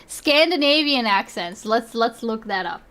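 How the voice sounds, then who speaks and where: A young woman streaming and reacting in casual chat, excitable, laughing often and swearing freely. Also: on the high side, unhurried.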